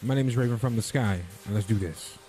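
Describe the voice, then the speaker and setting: A man hosting a game playthrough, casually chatting and reading the story text aloud at a steady, relaxed clip. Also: on the low side, fast, heavy background noise. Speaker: gaming channel host.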